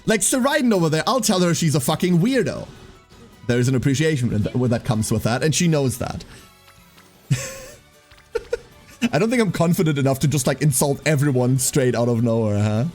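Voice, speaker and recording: A man's voice: fairly high pitch, wildly swooping pitch, normal speed, long pauses, darkish tone, soft background music. A man chatting casually on a live stream while playing a game, swearing freely and laughing often.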